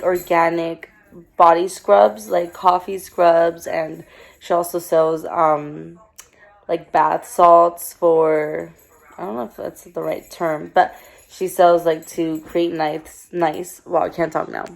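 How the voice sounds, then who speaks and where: A young woman speaks in a confessional daily vlog, her voice low with a gravelly fry. She rambles and restarts, soft and tearful at times, and her nose sounds stuffy from crying. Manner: rambling, halting, with many fillers. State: stuffy-nosed after crying. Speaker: daily vlogger.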